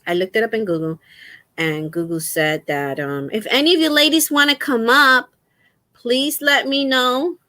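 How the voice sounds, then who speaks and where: A woman's voice: fairly high pitch, normal speed, sharp tone, dry recording. A woman hosting a casual crochet livestream, chatting in a rambling, faith-filled way with her viewers while resting a sore foot.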